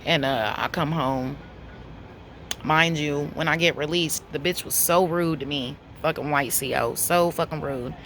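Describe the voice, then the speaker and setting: A woman's voice: low-pitched, unhurried, a bit bright, slight background noise. Blunt, profane woman telling a story. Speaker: vlogger. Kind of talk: casual storytelling to camera.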